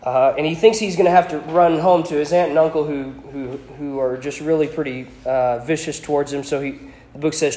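A man with a somewhat high voice reads a novel aloud to a class and stops to explain it. He slips into casual asides full of hesitations and repeats. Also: fairly even intonation, fairly quick, warm tone, reverberant, low-quality recording.

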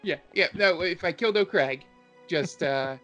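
A man with a slightly raised pitch hosts a casual tabletop podcast. He rambles warmly, packing his talk with "um" and "uh" as he praises his players. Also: normal speed, faint music behind. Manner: rambling, filler-heavy, enthusiastic. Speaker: podcast host and game master.

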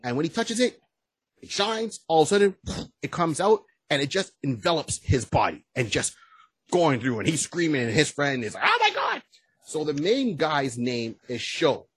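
A man co-hosting a podcast in casual chat, talking excitedly, with stammering restarts and whoops. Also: on the high side, moderate pace, husky, no room sound. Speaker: podcast co-host.

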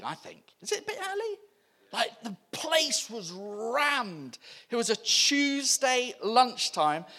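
A man telling stories to a church crowd, with a high, very lively voice that jumps all over the place. He laughs often and acts out the people in his stories. The delivery is warm-hearted and animated. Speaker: church speaker. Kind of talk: animated storytelling testimony.

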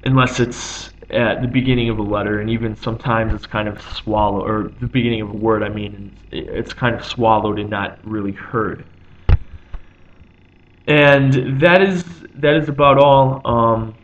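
Man explaining with many pauses. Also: fairly low pitch, steady tone, muffled recording, a little hiss or hum. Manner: thinking aloud, with frequent ums and restarts. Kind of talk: unscripted explanation.

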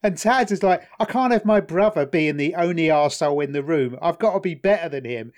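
A young man co-hosting a podcast, relaxed and chatty, retelling stories and quotes in funny voices. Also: on the high side, brisk. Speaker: podcast co-host. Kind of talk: casual chat.

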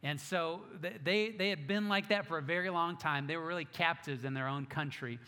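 A man preaching a sermon as pastor, telling stories in an animated way with self-mocking asides. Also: on the high side, brisk, smooth, big-room sound.

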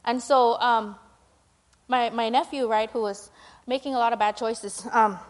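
High-pitched woman, middle-aged, school principal type, loose and conversational church presentation. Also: steady tone, unhurried. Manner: conversational, rambling, with many fillers and tag questions.

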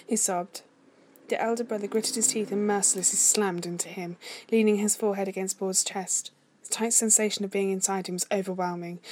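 Soft-voiced woman reading fiction aloud. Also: medium pitch. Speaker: narrator.

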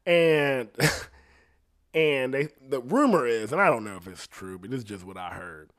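Dude going off on a story, cussing a lot, fast and animated, regular pitch. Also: male voice. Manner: animated, profane, puts on voices for quoted people. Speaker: singer recounting a story. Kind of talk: casual storytelling monologue.

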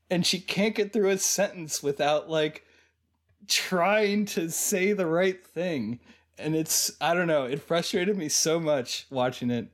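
A man co-hosting a podcast in casual chat, blunt and sarcastic about films, laughing often. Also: on the high side. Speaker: podcast co-host.

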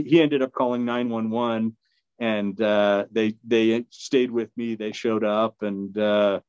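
A man's voice, a little mellow and clear with a resonant tone, carries a rambling, casual anecdote on a podcast where he's a guest. Fillers, restarts and frequent laughter run throughout. There's no room sound, and the audio is dull, dry and low-fidelity.

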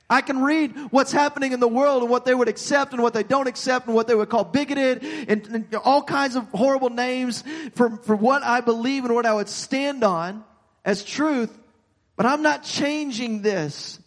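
A man with a high voice delivers a sermon from the pulpit, earnest and insistent. He doubles back on his words again and again as he presses his point. His voice rings with the long reverb of a large church sanctuary. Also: normal speed. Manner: earnest preaching with frequent repeated words and restarts. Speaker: pastor.

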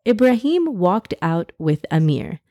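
A woman reading a children's story aloud in a gentle, even storytelling manner. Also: lowish voice, a little slow, no echo.

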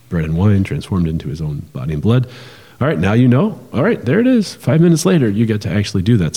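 Deep-voiced man explaining, roomy reverb. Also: husky. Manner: animated, explanatory, with frequent fillers and restarts. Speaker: podcast co-host. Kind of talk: casual conversational podcast talk.

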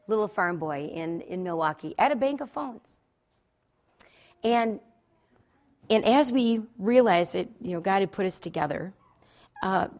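A woman's voice: medium pitch, vocal fry. A woman from the Philadelphia area preaching to wives in a conversational sermon, repeating key lines for emphasis and telling personal stories with asides. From New Jersey and Philadelphia, USA. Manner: emphatic and repetitive, storytelling with asides. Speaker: Christian speaker addressing wives.

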